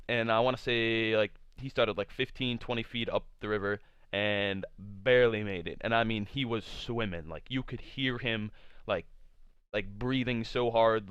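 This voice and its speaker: A man's voice: mid-range voice, a bit bright, clean tone, dry recording. A young man vlogger telling a casual storytime tale, rambling with lots of "like" fillers and plenty of swearing. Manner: rambling, full of "like" fillers, profane. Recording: dull lo-fi sound.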